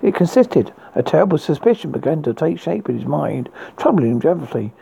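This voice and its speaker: A man reading a ghost story aloud, halting now and then with stumbles and restarts. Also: fairly high pitch, sing-song, gravelly, dark tone, breathy edge, rough recording. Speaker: story reader.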